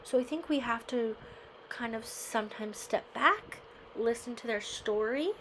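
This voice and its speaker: Woman host, slightly high pitch, reads a book aloud and then comments casually. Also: measured pace, fairly bright tone, a little hiss or hum, low-quality recording. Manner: conversational, tags remarks with "right?". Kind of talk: reading a memoir chapter aloud, then commentary.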